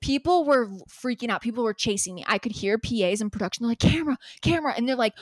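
Animated, swearing young woman storyteller. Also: fairly high pitch, fast talker, no room sound, clean studio sound. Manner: animated, swears freely, acts out quotes. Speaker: podcast co-host. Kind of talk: casual storytelling chat.

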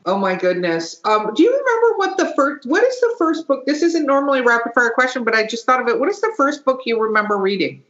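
A woman's voice: sits high, sing-song, fast talker, few pauses, fairly bright tone. Tipsy woman podcast host, echoey room. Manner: joking, laughs often, swears casually. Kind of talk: casual chat. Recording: echoey room, dull lo-fi sound.

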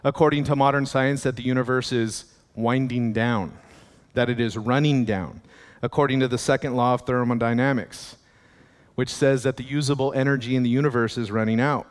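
A man's voice: mid-range voice, fairly even intonation, fairly quick, clear, resonant tone, long reverb tail. A man preaching a sermon as pastor, in a conversational way with chuckling asides.

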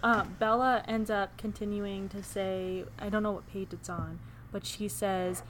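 A woman's voice: medium pitch, little pitch movement, measured pace, noisy background. Playful woman podcast host, mid-range voice. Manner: playful, reads quotes aloud with teasing asides. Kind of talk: casual book-club chat.

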